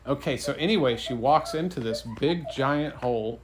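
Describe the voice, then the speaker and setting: A father telling his child a bedtime story in a playful, relaxed way. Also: mid-range voice, normal speed, background noise.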